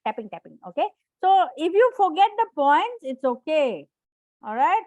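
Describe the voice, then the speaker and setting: A high-voiced woman coach teaches a class over a video call, encouraging her students and repeating her key phrases. She keeps checking in with short questions. The sound is dry and close. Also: sing-song, measured pace, darkish tone, no echo, muffled recording. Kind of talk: live online class on self-management.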